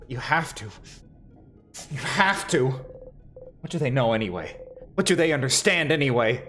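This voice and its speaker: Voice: medium pitch, animated, normal speed, long pauses, a bit bright, soft background music. A streamer playing a video game and reading its second-person text aloud in a dramatic, emotive way.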